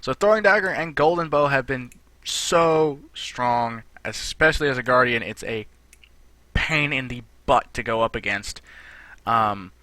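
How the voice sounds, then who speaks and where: Rambling man with a bright voice. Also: medium pitch, a little slow, no room sound. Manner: rambling, filler-heavy, conversational. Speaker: gaming channel host. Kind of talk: casual patch notes commentary.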